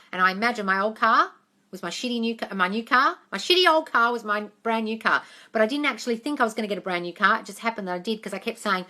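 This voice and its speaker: A woman's voice: on the high side, quick pace, pushed and bright. A woman answering viewers' questions on a casual livestream, frank and emphatic, swearing freely and calling everyone darling. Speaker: manifestation coach answering live questions.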